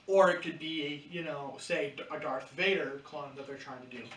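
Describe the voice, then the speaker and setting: A man's voice: fairly high pitch, fairly even intonation, normal speed, a bit bright. A man co-hosting a podcast, chatting casually with rambling, hedging tangents. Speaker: podcast co-host. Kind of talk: casual discussion chat. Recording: echoey room, distant mic.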